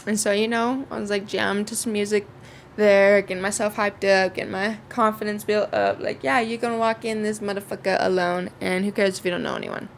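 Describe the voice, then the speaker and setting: Young woman vlogger, gravelly, salty and chatty, mid-range pitch. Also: steady tone, fairly quick, a little hiss or hum. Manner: chatty, swearing freely, lots of fillers. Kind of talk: casual storytime.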